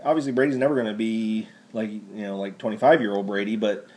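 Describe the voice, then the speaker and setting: A man's voice: fairly low pitch, steady tone, fast, a little mellow. A man co-hosting a sports podcast, chatting casually in a laid-back way. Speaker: podcast co-host.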